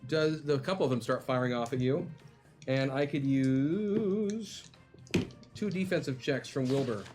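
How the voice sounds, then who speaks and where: A man acting as game master in a live tabletop role-playing stream, narrating in a relaxed way with lots of fillers. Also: medium pitch, unhurried, soft background music. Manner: easygoing, laid-back narration with fillers.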